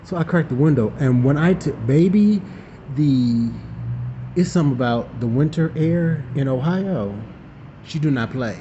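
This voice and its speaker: A man telling a story in a casual, animated way, laughing often and using campy slang. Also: fairly high pitch, measured pace. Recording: dull, lo-fi with faint hiss.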